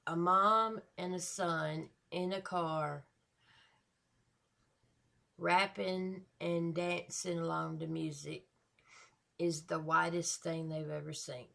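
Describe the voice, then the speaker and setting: A woman's voice: lowish voice, steady tone, slow pace, creaky, long pauses, sharp tone. A woman hosting a reaction video, chatting casually and stretching out the words she wants to stress.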